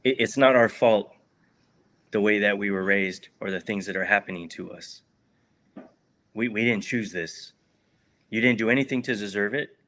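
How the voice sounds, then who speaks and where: A man's voice: fairly low pitch, moderate pace, long pauses, fairly bright tone. A man giving a heartfelt, reflective answer as an interview guest, earnest and repeating words for emphasis. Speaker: guest, former prisoner.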